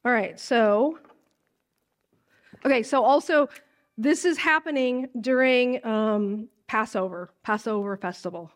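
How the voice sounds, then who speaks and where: A woman pastor teaching a sermon from scripture in a casual way, acting out lines in a livelier voice. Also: takes it slowly. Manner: casual, animated, acts out lines in a high voice.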